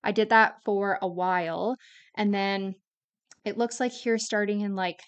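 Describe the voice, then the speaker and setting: Young woman solo podcaster, clear resonant voice, mid pitch, chatty and confessional, rambles with fillers. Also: fairly even intonation, unhurried, lo-fi sound. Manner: casual, rambling, many "like" fillers; candid, confessional. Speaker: podcast host.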